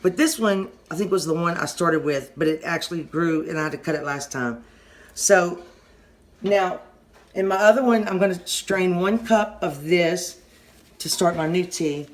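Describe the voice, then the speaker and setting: A middle-aged woman with a Southern US accent giving a casual kitchen how-to, rambling and halting, often stopping mid-sentence to restart. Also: fairly low pitch, a little hiss or hum. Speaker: home cooking channel host.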